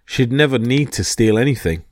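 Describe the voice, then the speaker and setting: A man's voice: medium pitch, animated, moderate pace, no room sound, studio quality, lightly acted. Thor, a man voicing a raging thunder god. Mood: blunt. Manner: bellowing, furious threats. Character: mighty hot-tempered thunder god, male adult.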